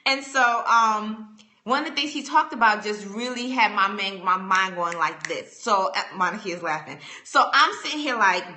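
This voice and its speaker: Bright, energetic woman giving a motivational talk. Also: medium pitch, a little fast. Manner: energetic, emphatic, repeats phrases for effect. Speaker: motivational host. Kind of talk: live-stream motivational talk. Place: home live stream.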